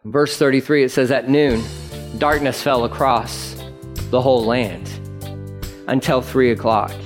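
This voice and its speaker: A male pastor teaching verse by verse, casual and animated, often acting out the mocking voices in the text. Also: medium pitch, measured pace, over music. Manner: animated, acts out mocking voices, conversational asides. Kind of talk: verse-by-verse sermon.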